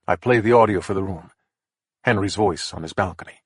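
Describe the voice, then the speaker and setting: Brief: male first-person thriller narrator, husky, matter-of-fact, dry studio read. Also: on the low side, fast talker, no echo.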